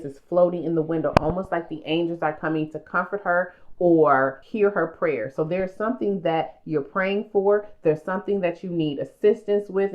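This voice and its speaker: Low-voiced woman giving a tarot reading. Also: highs cut off. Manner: emotional, repetitive, addresses viewers directly. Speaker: tarot card reader. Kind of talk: pick-a-card tarot reading. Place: home room.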